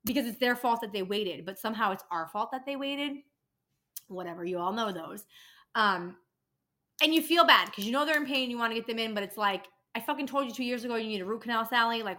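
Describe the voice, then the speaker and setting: A woman with a mid-range, pushed and bright voice works in a dental office and vents about patients on her own podcast, in a casual, exasperated and profane rant.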